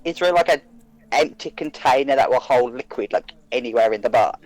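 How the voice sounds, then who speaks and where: West Midlands man, tabletop player, playful, halting restarts, dry close sound. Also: mid-range voice, a little mellow, no echo, soft background music, poor audio. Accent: English West Midlands. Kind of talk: tabletop game play. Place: home, online session.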